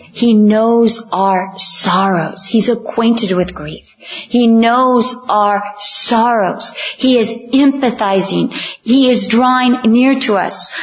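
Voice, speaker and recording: A woman preaching a sermon, earnest and emphatic, slowing down on key lines and acting out the voices she quotes. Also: on the high side, highs cut off.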